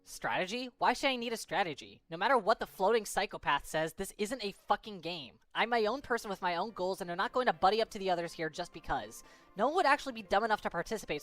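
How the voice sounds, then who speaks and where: A woman's voice: medium pitch, a bit bright, lightly acted. A woman voicing Emperor, a cold, aloof creature who dismisses everyone. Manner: curt, dismissive.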